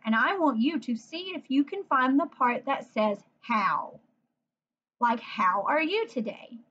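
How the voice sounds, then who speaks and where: A woman teacher giving a phonics lesson for young children, sounding words out slowly letter by letter and asking encouraging questions. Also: high voice, fairly bright tone, muffled recording. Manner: encouraging, asks the listener questions.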